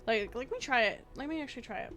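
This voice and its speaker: High, bright, excitable young woman streamer. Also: fast talker, soft background music. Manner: excitable, rambling, self-deprecating, laughs often. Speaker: VTuber streamer. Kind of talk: casual live-stream chat.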